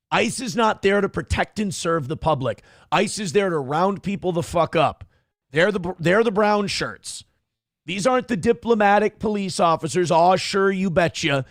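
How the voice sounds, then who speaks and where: A man's voice: high voice, no echo, studio quality. A man hosting a livestream show, reading chat messages aloud and ranting bluntly with lots of profanity. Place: home studio.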